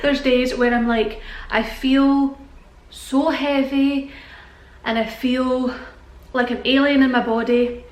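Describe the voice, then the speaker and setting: Young British woman vlogging, breathless and chatty, higher voice in a roomy space. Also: little pitch movement, unhurried, hardly any pauses. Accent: British English. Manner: chatty, rambling, laughing often. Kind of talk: casual chat to camera. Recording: echoey room.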